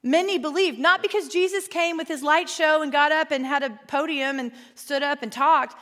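Female Bible study teacher, earnest and playful, slightly high voice, reverberant hall. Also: fairly bright tone. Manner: earnest, playful, with asides to the room. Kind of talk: Bible lesson with storybook reading. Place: large room with a group.

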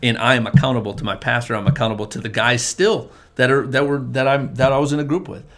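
A man's voice: mid-range voice, steady tone, fast, a bit bright. A middle-aged man, a family pastor, earnestly telling his testimony in casual conversation, often restarting and repeating words. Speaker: family pastor, men's group leader.

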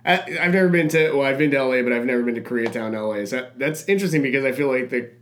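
A man who hosts a podcast and chats casually, telling animated stories and acting out the people he quotes. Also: mid-range voice, rapid-fire, slight background noise. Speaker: podcast host. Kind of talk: casual conversation.

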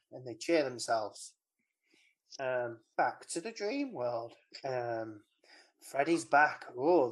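A podcast co-host, casually retelling a film plot in a wry, rambling way with lots of ums. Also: medium pitch. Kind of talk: casual film recap chat.

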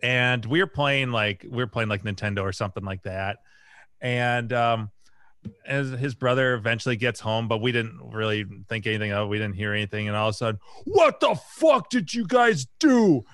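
A man's voice: fairly low pitch, fairly even intonation, brisk, fairly bright tone, clean tone, dry recording, clean studio sound. A man, a podcast co-host, telling a funny childhood story in casual chat, chuckling as he goes. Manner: laughing, loose storyteller.

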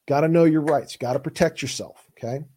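A man's voice: on the high side, fairly quick, dark tone. A man who hosts the show and works as a criminal defense lawyer, explaining legal rights in an emphatic, plain-spoken, urgent way. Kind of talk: casual explainer talk.

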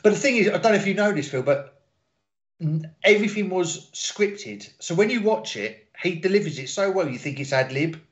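A man's voice: sits high, animated, normal speed, dull audio. A man from the UK in casual podcast chat, emphatic and enthusiastic.

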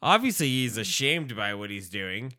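Animated riffing male podcast host. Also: lowish voice, moderate pace, no room sound, studio quality. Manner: riffing, acts out silly voices, swears, laughs often. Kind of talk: casual comedic advice chat.

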